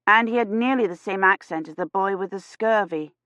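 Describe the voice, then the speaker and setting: A woman narrating an audiobook in a measured, even storytelling manner. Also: medium pitch, no room sound, lo-fi sound. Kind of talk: scripted narration.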